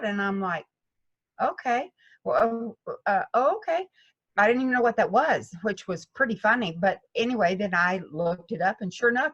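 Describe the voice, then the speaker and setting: A woman's voice: medium pitch, muffled recording. A woman golf instructor talking in an interview, telling stories and acting out her students' voices. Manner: animated storytelling, acts out students' voices. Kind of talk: interview conversation.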